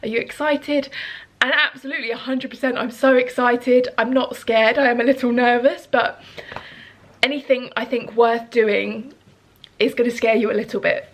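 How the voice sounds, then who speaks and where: A woman's voice: fairly high pitch, steady tone, normal speed. A woman, chatting earnestly to camera at home as a vlogger. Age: 30s. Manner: earnest, chatty, rambling with fillers. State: emotional, sniffling. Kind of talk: casual chat to camera.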